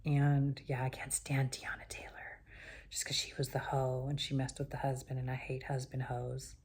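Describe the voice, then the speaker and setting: A woman chatting casually as she recaps a TV episode, rambling and often trailing off into quiet mumbled asides. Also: very deep voice, completely flat delivery, normal speed, slightly rough. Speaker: TV recap vlogger.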